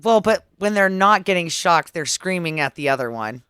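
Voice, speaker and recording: A woman's voice: fairly low pitch, animated, moderate pace, fairly bright tone, clear, resonant tone, no echo, studio quality. A woman in casual podcast chat, playful and joking about a movie.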